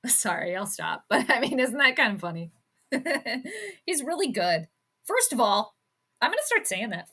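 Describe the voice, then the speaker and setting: A woman's voice: on the high side, big pitch swings, moderate pace, sharp tone. A woman hosting a casual livestream, chatting and giggling as she reacts to viewer comments, with many fillers. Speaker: livestream host. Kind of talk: casual livestream chat on sports and astrology.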